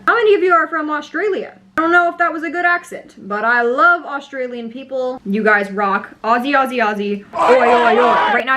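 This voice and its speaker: A woman's voice: fairly high pitch, sharp tone. A woman in her twenties chatting through a makeup tutorial, bubbly and self-mocking with lots of fillers. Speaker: beauty vlogger.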